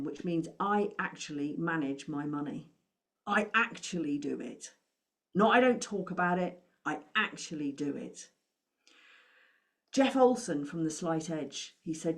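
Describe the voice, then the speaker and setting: Британская женщина, коуч по финансам, говорит ободряюще и задаёт слушателю вопросы; голос чуть ниже среднего. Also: female voice, low-pitched, lively intonation, measured pace. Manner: encouraging, asks the listener many questions. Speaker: money coach. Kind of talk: motivational talk to camera.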